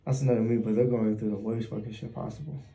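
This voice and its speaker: Casting note: male podcast co-host, swearing storyteller, very dark, mellow tone. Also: on the low side, fast, creaky, poor audio. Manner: animated retelling with profanity. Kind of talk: casual storytelling chat.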